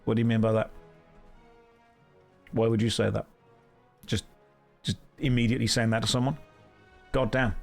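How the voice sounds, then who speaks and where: A man's voice: mid-range voice, little pitch movement, moderate pace, gravelly, long pauses, darkish tone, faint music behind. A man streaming from home on a desk microphone, chatting playfully with viewers while he plays. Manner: playful, jokey, chats with viewers. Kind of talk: casual live game stream commentary.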